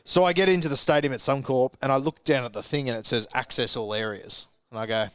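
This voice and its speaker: A man's voice: mid-range voice, a little fast, a bit bright, clear, resonant tone. An Australian man, a guest pundit, telling a long laughing anecdote in casual chat on a live sports show, acting out the people in his story. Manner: rambling, laughing anecdote with acted quotes. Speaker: guest rugby league pundit.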